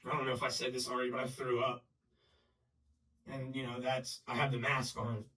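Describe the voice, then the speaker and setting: A man telling his own story in blunt, profane, halting talk full of restarts and fillers. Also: mid-range voice, completely flat delivery, pushed and bright, far from the mic, rough recording. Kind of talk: unscripted personal storytelling.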